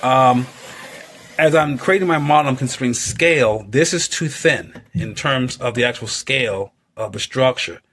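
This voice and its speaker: A man's voice: medium pitch, normal speed, a bit bright, a little hiss or hum. A man, an artist and model builder, chatting casually at home as he works, with lots of fillers and playful little sound effects.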